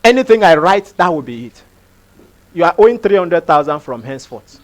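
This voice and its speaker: A shrewd male steward plots how to secure his future, speaking low and confiding, as a preacher acts him out in a sermon. His voice sits high. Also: sing-song, a little fast. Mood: scheming.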